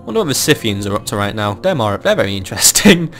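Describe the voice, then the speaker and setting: A man's voice: on the low side, big pitch swings, fast, a bit bright, faint music behind. Exasperated young man ranting over a game. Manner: swearing, exasperated, ranting, with bursts of mock outrage. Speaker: gaming let's-play host. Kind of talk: casual gameplay commentary. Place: at home, keeping his voice down.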